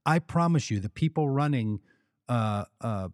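A man's voice: mid-range voice, expressive, unhurried, no room sound, studio quality. A man co-hosting a political podcast, arguing his point in casual conversation and acting out quoted people in mock voices. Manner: argumentative, acts out quoted speakers in mock voices. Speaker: podcast co-host.

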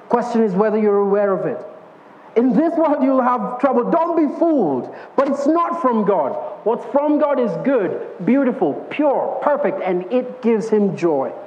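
A man with a strikingly high voice preaches a relaxed, conversational sermon, telling stories earnestly. His voice rings with a long echo through a church hall, and the recording sounds a bit dull and lo-fi. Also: measured pace, a little hiss or hum. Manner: earnest storytelling with vivid acted-out quotes.

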